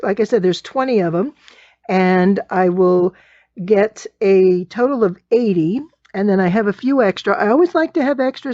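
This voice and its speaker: A woman's voice: mid-range voice, a little mellow, no room sound, dull audio. A woman teaching quilting in a casual tutorial, chatting and thinking aloud as she sorts fabric.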